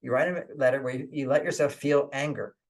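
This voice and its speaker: His voice mid-range and fairly even in intonation, the guest author talks fairly quickly on an interview show. He gives relationship advice in a conversational style, often chuckling, restating points with "okay," and acting out inner voices in quotes.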